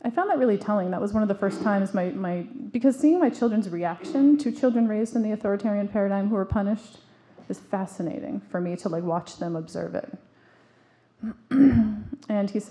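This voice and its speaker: A woman's voice: mid-range voice, fairly quick, warm tone. A woman in her forties giving an earnest, emphatic talk to an audience, telling stories from her own life with frequent restarts. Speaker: parenting speaker.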